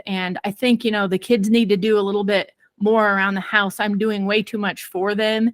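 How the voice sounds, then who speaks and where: A woman parenting expert telling a personal story in an interview, lively and acting out quoted voices. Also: medium pitch, moderate pace, hardly any pauses, no room sound. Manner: many fillers and restarts.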